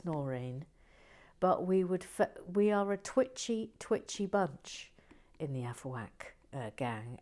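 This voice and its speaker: A middle-aged woman hosting a soft-spoken ASMR build video, often slipping into a whisper, chatty and mildly self-deprecating, close to the mic at a tabletop. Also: fairly low pitch. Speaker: channel host building brick sets.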